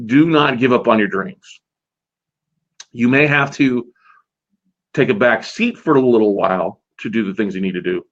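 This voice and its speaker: Animated male podcast host, lo-fi sound. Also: mid-range voice. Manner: energetic, animated storyteller acting out quotes. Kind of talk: casual storytelling. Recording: slightly dull lo-fi audio.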